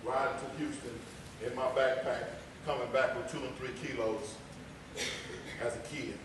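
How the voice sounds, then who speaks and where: A man's voice: medium pitch, steady tone, moderate pace, background noise. Dramatic man in an echoey hall. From Texas. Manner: dramatic, swings from loud to hushed. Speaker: motivational speaker. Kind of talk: personal testimony speech. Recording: echoey hall, voice far from mic.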